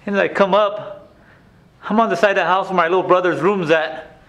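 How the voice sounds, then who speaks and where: A man performs a haunted former inmate reliving his past in a stage monologue. The voice sits high, drops to hushed confessions and then breaks into raw shouting. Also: fairly quick. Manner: emotional, swings from hushed to shouting. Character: grown man, former abused son, intense and haunted. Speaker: stage actor playing an inmate.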